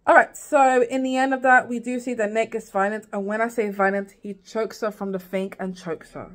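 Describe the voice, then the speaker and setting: A woman's voice: fairly high pitch, steady tone, a little fast, a bit bright. A woman recapping a TV series in a casual vlog, rambling with lots of fillers and restarts and acting out lines. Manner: rambling, many fillers and restarts, acts out quotes. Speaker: TV series reviewer.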